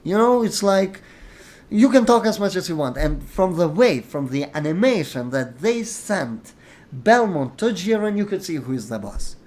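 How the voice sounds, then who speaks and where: A man's voice: high voice, very animated, normal speed, a little mellow. Opinionated man arguing his case. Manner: opinionated, explains at length, quotes characters. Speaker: host. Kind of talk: casual discussion.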